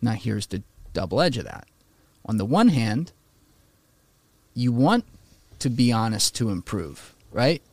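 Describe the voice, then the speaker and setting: A man talking in a casual podcast conversation, animated and opinionated, swearing freely and slipping into mocking voices for quotes. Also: medium pitch, unhurried, no room sound.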